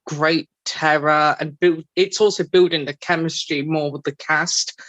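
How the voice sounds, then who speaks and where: A man with a slightly higher voice talks eagerly on a podcast, sharing trivia and backstory. He keeps it casual and animated. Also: unhurried. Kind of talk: casual chat.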